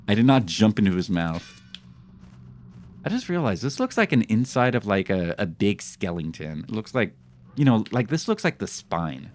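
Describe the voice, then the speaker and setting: A man's voice: fairly low pitch, moderate pace, a little hiss or hum. A man streaming a video game live, chatting to viewers and joking about his own mistakes. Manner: animated, talks to chat and jokes about his fails. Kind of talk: live gameplay commentary.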